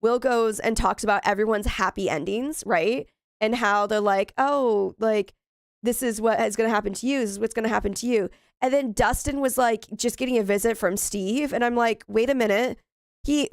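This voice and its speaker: A woman's voice: fairly high pitch, clean tone, no echo, clean studio sound. A woman in her thirties chatting casually while playing a horror game, often exclaiming in frustration. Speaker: gaming streamer. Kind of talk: casual let's-play commentary.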